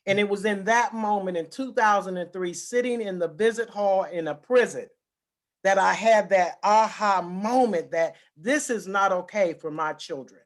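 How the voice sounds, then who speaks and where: A woman's voice: medium pitch, normal speed. Woman telling her own story on an interview, emphatic, keeps repeating phrases for weight. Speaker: guest speaker. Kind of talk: personal testimony.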